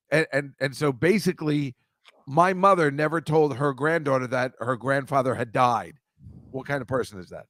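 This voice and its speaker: A man's voice: medium pitch, normal speed, fairly bright tone, dry recording, studio quality. A middle-aged man hosting a podcast, chatting casually and rambling with jokey asides to his viewers. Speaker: podcast host. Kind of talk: casual livestream chat with viewers.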